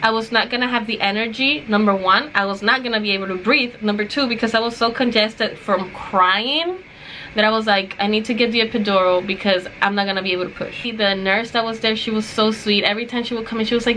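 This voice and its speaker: A woman's voice: a little high, steady tone, fast, sharp tone, a little hiss or hum, rough recording. A young woman chatting casually to her vlog viewers, telling a story and acting out what others said. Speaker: vlogger.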